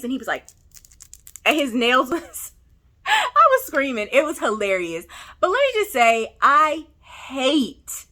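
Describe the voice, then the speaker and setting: A woman from Memphis with a Southern accent, recapping a TV episode in a sassy, animated, chatty way and talking straight to the viewer. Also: on the high side. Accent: Southern American. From Memphis, Tennessee. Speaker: TV recap vlogger. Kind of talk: casual recap chat.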